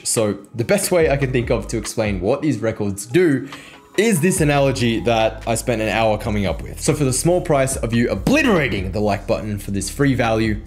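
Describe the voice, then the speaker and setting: A man hosting a casual explainer video, telling a joking story in a brash way with frequent swearing. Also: mid-range voice. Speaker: copywriting coach, video host.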